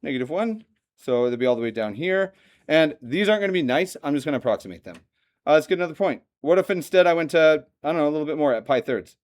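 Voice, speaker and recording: A man teaching a math lesson to a classroom, lively and joking, often asking the students questions. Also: fairly high pitch, quick pace. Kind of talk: classroom lecture.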